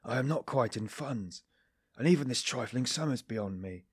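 A man reading an audiobook, voicing a nervous young man who strains to sound calm. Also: mid-range voice, normal speed, breathy edge, no room sound, studio quality. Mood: tense. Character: nervous, guarded young man hiding guilt.

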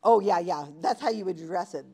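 A woman's voice: on the low side, brisk, a little mellow. A woman leading an interactive workshop, talking conversationally and asking the audience questions in a room full of people. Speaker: workshop presenter.

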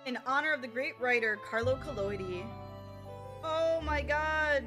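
A woman with a high, bright voice talks through a video game live, excitable and quick to exclaim, swearing freely along the way. She speaks close into a desk microphone while the game's music plays clearly underneath. Her talk is loose and chatty, as if she is reacting to her viewers in real time. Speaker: streamer. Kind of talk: live gameplay commentary.

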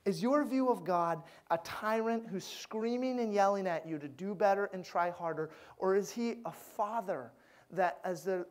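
A male pastor giving a sermon, swinging between loud emphatic lines and hushed, gentle ones. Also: high voice.

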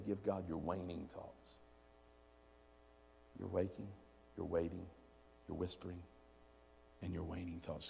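A man preaching a sermon as pastor, calling on the congregation to answer back and swinging between loud bursts and hushed, near-whispered asides. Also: sits low, steady tone, measured pace, vocal fry, long pauses, slight background noise. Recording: long hall reverb.

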